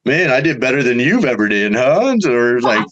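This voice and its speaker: A middle-aged man, a bowhunter guest, telling a story in a casual way and acting out the quotes with big jumps in pitch. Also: very animated, normal speed, fairly bright tone, highs cut off.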